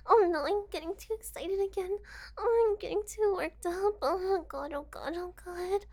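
A young woman performing an intimate audio role-play as a gullible, eager, easily flustered young woman who giggles, stammers and slips into breathy whispers. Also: very high-pitched, slow pace, darkish tone.

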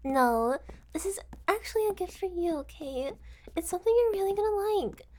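A woman's voice: very high-pitched, lively intonation, moderate pace. A young woman voicing a cheerful, unhinged kidnapper who giggles, teases and keeps reassuring her guest. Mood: teasing. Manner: giggly, teasing, falsely reassuring. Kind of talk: amateur audio role-play.

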